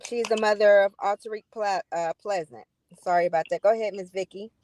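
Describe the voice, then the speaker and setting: A woman's voice: mid-range voice, fairly even intonation, quick pace, darkish tone. A woman hosting a town hall, reading introductions and names from a list. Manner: reads names in a list, slips on a name.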